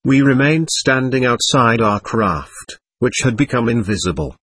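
Husky-voiced man reading a story. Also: mid-range voice, measured pace, no echo. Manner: steady, expressive reading. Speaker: narrator. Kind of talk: first-person storybook narration.

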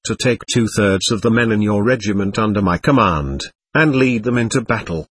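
A man's voice: lowish voice, normal speed, breathy edge. A man reading as a stern army captain. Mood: stern commanding. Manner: clipped, commanding orders. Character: stern German army captain, commanding and harsh.

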